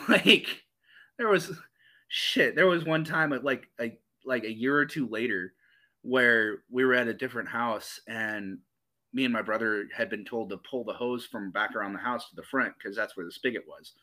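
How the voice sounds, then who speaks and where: A man with a bright, forceful voice spins profane, animated stories in a loose podcast chat. He talks as the host, full of swearing and energy. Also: medium pitch, moderate pace. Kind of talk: casual storytelling chat.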